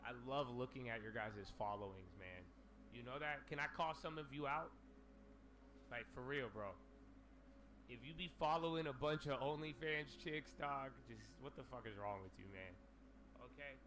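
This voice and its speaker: A man hosting a casual livestream, ranting in an animated, profane way with lots of slang. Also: medium pitch, normal speed, slight background noise. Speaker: livestream host.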